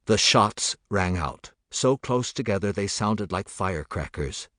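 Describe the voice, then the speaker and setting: A man narrating a thriller audiobook in a measured, steady voice. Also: lowish voice, no room sound, clean studio sound.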